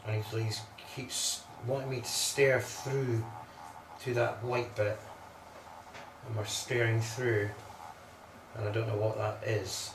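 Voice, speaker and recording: A man serves as a medium on a ghost hunt, talking in halting, searching bursts and repeating his words. The recording is echoey and distant from the mic, with faint hum behind it. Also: lowish voice, flat delivery. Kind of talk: psychic readings on a paranormal tour.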